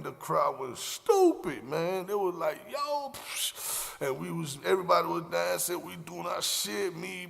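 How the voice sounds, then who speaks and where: A man's voice: fairly high pitch, vocal fry, a bit bright. A young man telling loose, profane stories on his podcast, rambling with lots of fillers. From Miami, Florida. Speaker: podcast host. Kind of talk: casual storytelling. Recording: long hall reverb.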